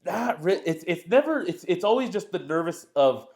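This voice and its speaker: A man's voice: high voice, sing-song, moderate pace, vocal fry, darkish tone. A young man hosting a podcast, telling a rambling, profane story in casual chat. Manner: rambling and profane, acts out quoted voices.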